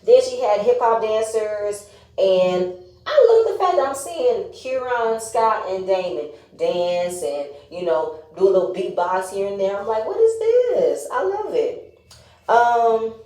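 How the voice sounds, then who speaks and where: A woman's voice: medium pitch, expressive, unhurried, warm tone. A woman giving a blunt, sassy casual review of a reality show, swearing freely and acting out what the cast said. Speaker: reality TV recapper. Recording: echoey room.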